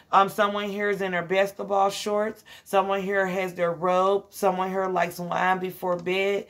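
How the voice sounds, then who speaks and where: A tired woman with a raspy voice giving a casual tarot reading, loose and slangy, talking to her listeners as guys, honey and child. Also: on the low side. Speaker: tarot reader.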